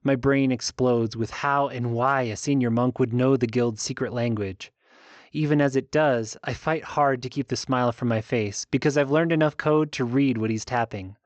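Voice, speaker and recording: A male audiobook narrator reads first-person fantasy prose in a steady, even storytelling manner. His voice sits at a middle pitch. It is recorded close and dry, with no room sound. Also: moderate pace, dry recording, highs cut off.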